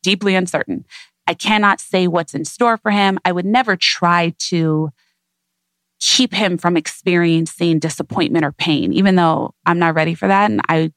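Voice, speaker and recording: A woman's voice: lowish voice, moderate pace, dry recording. A woman guest on an interview show, speaking earnestly and reflectively in repeated emphatic phrases.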